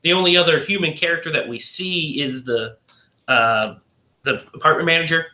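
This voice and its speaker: Man, podcast host, rambling film recap, bright edgy tone, echoey room. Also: fairly high pitch, moderate pace. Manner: rambling recap, acting out quotes and laughing. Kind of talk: casual film discussion.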